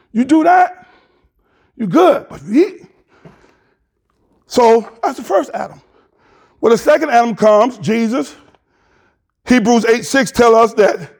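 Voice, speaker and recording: A Southern US pastor in his sixties preaches a sermon in a fairly high, creaky voice, mixing scripture with folksy asides. Animated and jokey, he calls out to the congregation, his delivery swinging between slow, weighty lines and quick banter.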